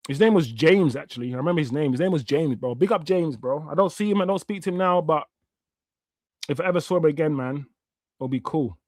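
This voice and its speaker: A man's voice: a little high, fairly quick, darkish tone, no room sound. A man, hosting a live watch-along stream in a heated, slang-filled rant that often swears. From Jamaica. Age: 50s.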